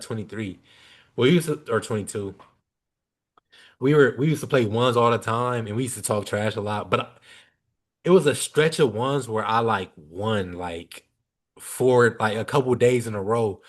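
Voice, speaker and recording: Young man telling a story with loose slang. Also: medium pitch. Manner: animated, slangy, swears freely. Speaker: podcast guest. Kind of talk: casual storytelling.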